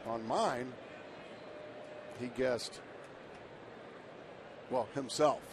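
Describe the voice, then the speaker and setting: A man's voice: medium pitch, drawn-out words, background noise. A man giving color commentary on a baseball broadcast in easygoing, conversational banter. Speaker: color analyst.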